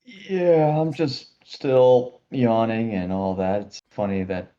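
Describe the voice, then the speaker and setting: A man's voice: lowish voice, fairly even intonation, slow pace, warm tone, dull audio. A man chatting casually as a player in a tabletop game. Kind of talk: tabletop role-play chat.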